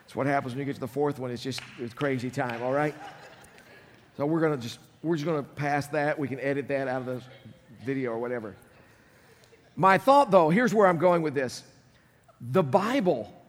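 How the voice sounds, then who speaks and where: A man preaching a sermon as pastor, animated, swinging between loud, emphatic lines and hushed ones. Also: medium pitch, moderate pace, long pauses. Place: church sanctuary. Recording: long reverb of a large hall.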